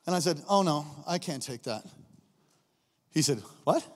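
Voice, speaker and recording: High-voiced preacher in an echoing hall. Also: male voice, normal speed. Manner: animated storytelling, acts out characters, shifts between quiet asides and shouting. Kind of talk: sermon.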